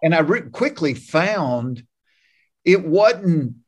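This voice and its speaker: A man's voice: fairly high pitch, takes it slowly, breathy edge. A man from Georgia with a Southern US accent, a comedian guest telling stories in a plainspoken, folksy way during a casual interview. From Georgia, USA. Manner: folksy, plainspoken, animated anecdotes.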